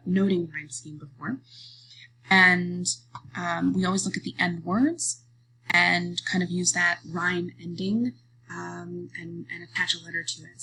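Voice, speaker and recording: A woman teacher walking students through a lesson, patient and explanatory, checking in often with "okay?" and pausing on fillers. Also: lowish voice, vocal fry, breathy edge, rough recording. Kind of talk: screen-recorded lesson walkthrough.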